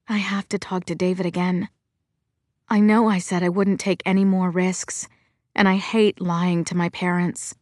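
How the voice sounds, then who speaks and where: A woman's voice: lowish voice, steady tone, measured pace, a little mellow, no room sound, studio quality. A woman narrating an audiobook in the first person, earnest and reflective.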